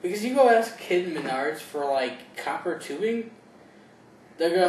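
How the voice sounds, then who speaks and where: Joking young man, higher voice, echoey room. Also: animated, normal speed. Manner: joking, profane, laughs often. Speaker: co-host. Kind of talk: casual chat. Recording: echoey room, distant mic, faint noise.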